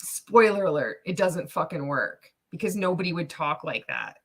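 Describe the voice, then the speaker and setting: Sarcastic woman streamer with a bright voice. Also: on the low side, lively intonation, normal speed, slightly rough. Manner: sarcastic, swearing, laughs often. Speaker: livestream reaction host. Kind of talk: casual live-stream reaction commentary.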